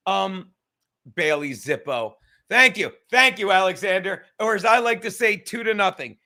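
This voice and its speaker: A man's voice: high-pitched, animated, a little slow, bright, forceful tone. A young man, a comedian and show host, ranting casually and profanely from his apartment, rambling and mocking himself. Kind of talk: casual livestream rant.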